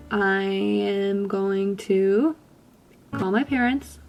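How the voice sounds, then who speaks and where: A woman in her twenties vlogs to camera at school during lunch break, chatting casually with lots of "um" and "like." Her voice is fairly high-pitched and a little mellow.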